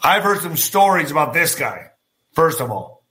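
A man with a slightly high, bright voice speaks at a normal pace, his pitch swinging widely and his tone forceful. He's a commentary vlogger delivering a blunt, profane political rant straight to his viewers. He swears, hammers his points home, and calls his audience "folks."

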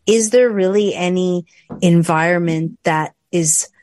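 A woman's voice: lowish voice, unhurried, a little mellow, no echo. Woman, talk show co-host, rambling casual chat, sarcastic asides, dry close sound.

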